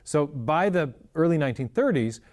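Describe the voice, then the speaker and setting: A man's voice: a little high, lively intonation, normal speed, a little mellow. A man in an interview, explaining ideas step by step in an earnest, conversational way. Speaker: interview guest explaining science.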